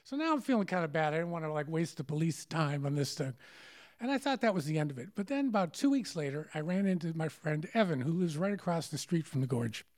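A man's voice: a little high, animated, fast, darkish tone. A middle-aged man telling a story to a live audience, conversational and wry, amused at himself.

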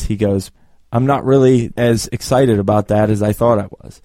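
A man working as a business coach who tells a client story with lively re-enacted dialogue. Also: mid-range voice, moderate pace, dry recording, clean studio sound. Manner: animated storyteller, acts out both sides of the dialogue. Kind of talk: storytelling talk.

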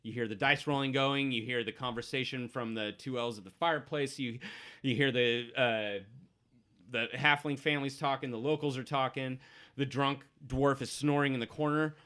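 A man runs a tabletop game and describes a busy tavern in a loose, casual way. His voice is bright and easy. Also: medium pitch, steady tone, normal speed. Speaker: game master.

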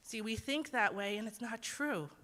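A woman's voice: fairly high pitch, normal speed, fairly bright tone. Earnest woman preaching in a reverberant hall. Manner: earnest, casual, acts out quotes. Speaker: Bible teacher. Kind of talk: conversational sermon.

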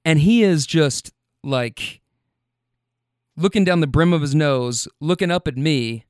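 Rideshare driver guy telling stories, kinda high voice, smooth, dry close sound. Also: unhurried, dry recording. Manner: animated, swears freely, many fillers. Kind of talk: casual storytelling.

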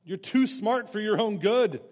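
A man's voice: high voice, expressive, measured pace, a little mellow, big-room sound, pitched above the performer's own voice. A man voicing a scoffing, exasperated Roman governor who calls a prisoner crazy in a raised, incredulous voice.

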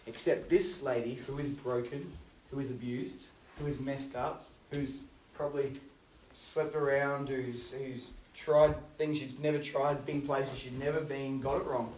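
A man preaching a youth sermon, telling stories with swings from loud to hushed. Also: mid-range voice, fairly even intonation, unhurried, slight background noise. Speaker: youth pastor. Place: youth hall. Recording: roomy hall, voice from far off.

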